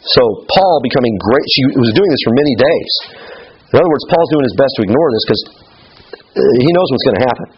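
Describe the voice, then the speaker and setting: A man's voice: medium pitch, animated, fast talker, slight background noise. A middle-aged man teaching a Bible study lesson in a conversational way, often checking in with his listeners, in a slightly muffled recording.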